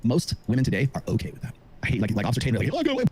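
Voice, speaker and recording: A middle-aged man who lectures with rapid confidence, full of fillers, as a dating commentator on a podcast. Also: mid-range voice, a little mellow, breathy edge. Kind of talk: monologue on a podcast.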